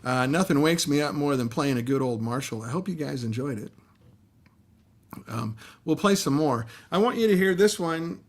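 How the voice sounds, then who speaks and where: A man's voice: a little high, expressive, normal speed. A tired middle-aged man hosting a live stream, chatting casually in a rambling, easygoing way that trails off and restarts. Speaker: livestream host.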